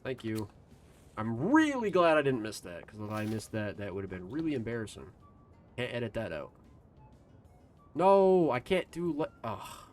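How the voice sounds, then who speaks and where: A man's voice: lowish voice, sing-song, normal speed, soft background music. A man streaming a video game live, rambling to his chat in a loose, casual way and swearing freely. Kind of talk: casual gaming stream commentary.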